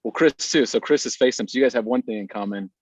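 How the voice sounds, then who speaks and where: A man's voice: mid-range voice, quick pace, breathy edge, no room sound. A man hosting a casual chat, upbeat, steering the talk with questions. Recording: dull, slightly lo-fi audio.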